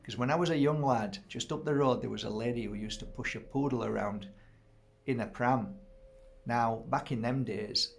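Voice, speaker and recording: A man's voice: medium pitch, moderate pace, creaky. A middle-aged man chatting casually to camera as host, rambling, laughing often and breaking off to fuss over his dog.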